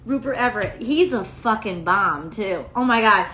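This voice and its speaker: A woman's voice: medium pitch, lively intonation, moderate pace, sharp tone, a little hiss or hum. A woman giving a casual daily tarot reading. She rambles, swears freely and laughs often. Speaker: tarot reader. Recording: roomy echo.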